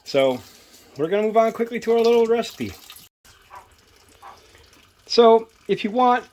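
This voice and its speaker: A man's voice: extremely high pitch, animated, unhurried, darkish tone. A man hosting a casual home cooking demonstration in his kitchen, rambling and chatty and poking fun at himself. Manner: rambling, chatty, self-mocking. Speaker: cooking video host.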